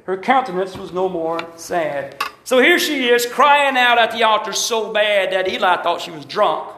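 A man's voice: high-pitched, expressive, normal speed, bright, forceful tone, roomy sound, a little hiss or hum. A man preaching a sermon with emphatic repetition and calls to the congregation. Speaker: pastor. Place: church sanctuary.

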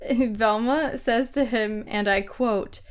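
Giggly, enthusiastic higher-voiced woman. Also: slow pace, clean tone. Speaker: podcast co-host. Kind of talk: casual chat.

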